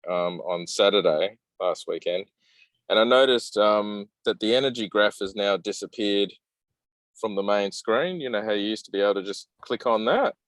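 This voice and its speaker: A man's voice: lowish voice, normal speed, a bit bright, dry recording, low-quality recording. An Australian man chatting casually on a video call, laid-back and blunt, with the odd swear word. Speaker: club member. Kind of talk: casual chat.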